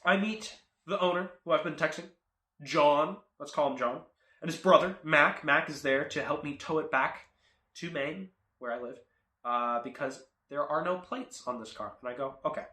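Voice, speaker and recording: A young man telling a comic car story in an animated, self-mocking way, recorded in a home garage. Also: fairly high pitch, normal speed, reverberant. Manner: animated, jumps into loud silly voices, self-mocking. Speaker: car vlogger.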